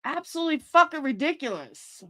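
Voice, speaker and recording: A woman fighting cancer hosts a livestream, ranting angrily with heavy swearing and sarcasm. Her high-pitched voice is bright and forceful, a little fast, with big swings in pitch.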